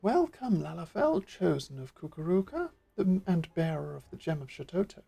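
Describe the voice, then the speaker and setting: A woman's voice: on the low side, big pitch swings, normal speed, vocal fry, dark tone, breathy edge, full character voice. A woman voicing a posh, pompous male sorcerer in a formal, plummy way while reading game dialogue.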